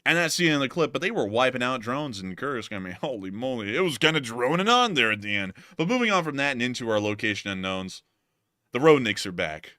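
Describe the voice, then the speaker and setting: A man's voice: mid-range voice, sing-song, fairly quick, sharp tone, no echo, clean studio sound. A man hosting a casual commentary show over war clips, joking, laughing and exclaiming as he reacts. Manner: jokey, laughing, exclaims "holy moly", mocks voices. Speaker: war news commentary host.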